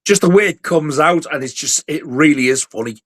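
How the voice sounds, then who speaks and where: A man's voice: on the high side, brisk, fairly bright tone. A man chatting casually about films, emphatic and swearing freely. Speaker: podcast guest. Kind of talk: casual film chat.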